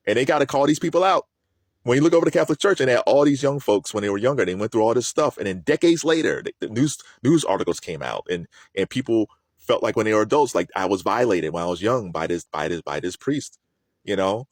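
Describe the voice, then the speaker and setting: A man talks through his opinions in relaxed commentary, his pitch rising and falling a lot. He stumbles and repeats words as he goes. The sound is dry and close, with no room echo. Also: fast talker. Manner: animated, repeats words while thinking. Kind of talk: casual commentary.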